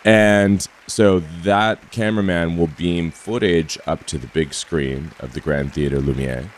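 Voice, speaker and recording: A man's voice: low voice, steady tone, unhurried. A man interviewed as a reporter, explaining things in a lightly wry way. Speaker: interviewed journalist. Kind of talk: interview clip.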